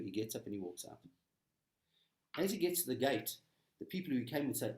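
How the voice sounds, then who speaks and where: A man giving a weekly Torah talk as a rabbi, preaching with animated storytelling and emphatic repetition. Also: medium pitch, quick pace, reverberant.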